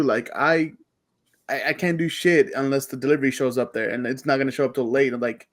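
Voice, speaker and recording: A man's voice: medium pitch, fast talker. A man with a mid-range voice ranting about work on a casual podcast. He mocks the people above him and swears freely as he talks it out. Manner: vents about bosses, mocking, swears. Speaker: podcast co-host. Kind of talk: profane casual chat.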